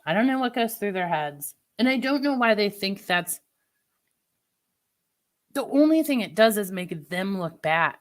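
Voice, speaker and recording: A woman's voice: mid-range voice, expressive, measured pace, pauses often. A woman livestreamer in casual chat with her viewers, venting opinions in a chatty way. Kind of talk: casual live-stream chat.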